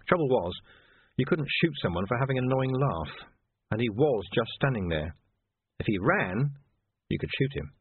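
Brief: male audiobook narrator, animated delivery, tinny phone-like sound. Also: mid-range voice, moderate pace, pauses often, slight background noise. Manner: expressive storytelling. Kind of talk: scripted narration.

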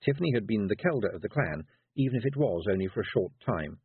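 A man narrating a storybook with a low, very husky voice that rises and falls widely. The reading is expressive and measured, and the sound is dry and tinny like a phone line. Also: no echo. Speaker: audiobook narrator.

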